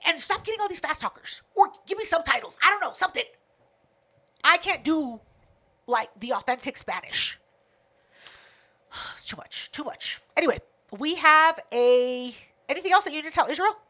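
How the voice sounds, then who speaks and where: A woman's voice: high voice, animated, moderate pace, pushed and bright. A woman co-hosting a podcast, retelling a night out in a casual, profane chat full of quoted back-and-forth. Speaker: podcast co-host.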